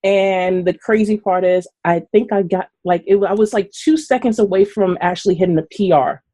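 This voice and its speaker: Husky woman from brooklyn, chatty guest, acts out her quotes, laughs a lot. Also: mid-range voice, normal speed, mellow. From Brooklyn, New York. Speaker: guest runner. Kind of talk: casual storytelling on a live video chat.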